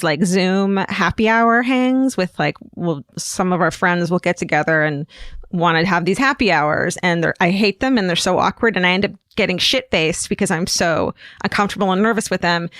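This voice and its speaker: A woman's voice: on the low side, a bit bright, no echo. A woman co-hosting a podcast from home over a video call, chatting casually with dry, wisecracking jokes and offhand swearing. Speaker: podcast co-host. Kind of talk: casual chat.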